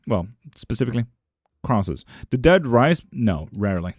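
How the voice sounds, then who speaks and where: A man's voice: medium pitch, sing-song, moderate pace, husky, no room sound. A man reading tarot and bones on a live stream. He reads viewer questions aloud in a lifted voice, then answers them in a dry, teasing way in casual chat.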